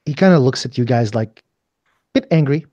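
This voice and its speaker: Young man, game master, casual rambling narration, fillers, mid pitch, dry sound. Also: lively intonation, brisk, mellow, no echo, lo-fi sound.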